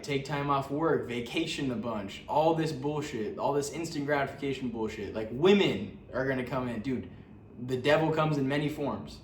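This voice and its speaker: A young man talking casually to camera as a vlogger, slangy and profane, full of fillers and restarts. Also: mid-range voice. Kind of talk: casual motivational talk to camera. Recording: roomy, distant from the mic, faint background noise.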